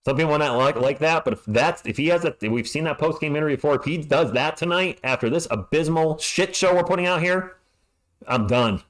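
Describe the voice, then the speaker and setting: A man's voice: fairly high pitch, fairly quick. A man hosting a fan livestream, calling play-by-play and ranting in frustration, often stammering when upset.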